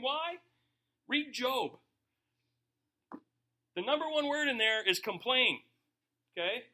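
High, bright-voiced preaching man. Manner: animated preaching, rhetorical questions, acted-out inner voices. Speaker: pastor. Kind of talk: sermon.

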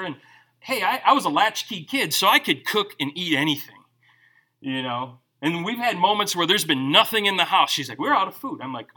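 A middle-aged male pastor preaching a sermon, joking and acting out quotes as he tells stories. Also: sits high. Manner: animated, joking storyteller who acts out quotes.

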